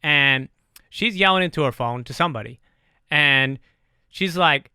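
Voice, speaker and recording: A middle-aged man hosting a casual podcast, talking in an animated way, swearing freely and poking fun at himself. His voice is bright and forward, pitched slightly high for a man, and the recording is dry and close. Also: unhurried, pauses often, smooth, dry recording. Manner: animated, profane, self-deprecating. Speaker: podcast host.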